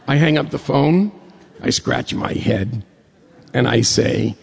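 A man from New York State telling a personal story to an audience in a lively way, acting out the dialogue as he goes. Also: medium pitch, measured pace, creaky, breathy edge, big-room sound.

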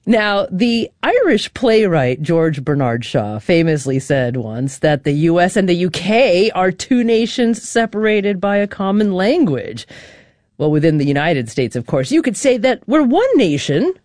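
A woman hosting a radio talk show, reading a scripted introduction in a measured, expressive way. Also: lowish voice, no room sound, clean studio sound. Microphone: studio microphone.

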